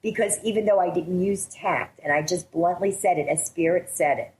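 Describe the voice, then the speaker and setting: Radio psychic host, woman, low voice, emphatic and earnest, echoey studio with faint hiss. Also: normal speed, a little mellow. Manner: earnest, emphatic, laughs often. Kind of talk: radio talk show chat.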